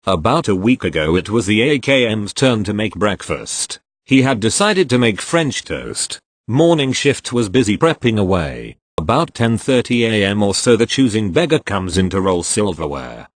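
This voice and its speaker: A man with a fairly low voice reads stories aloud, his pitch moving a lot as he reads. The sound is dry and close to the mic. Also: sing-song, normal speed, few pauses, no echo. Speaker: narrator reading Reddit posts.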